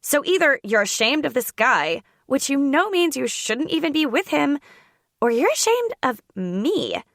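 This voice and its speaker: Woman doing a sharp, defensive young woman, curt and confrontational, dry close recording, some vocal fry. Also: high voice, very animated, a little slow, no room sound, voice pushed up, exaggerated voice.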